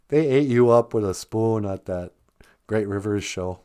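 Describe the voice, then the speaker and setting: A man's voice: fairly low pitch, animated, slow, pauses often, mellow. Giggly man rambling through a livestream. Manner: giggly, rambling, jokey, calls people sweetie. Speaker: livestream host reading viewer comments. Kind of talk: casual livestream chat.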